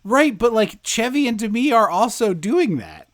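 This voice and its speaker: A man co-hosting a casual movie podcast, rambling and animated, with plenty of fillers and restarts. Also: very high voice, moderate pace. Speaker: podcast co-host.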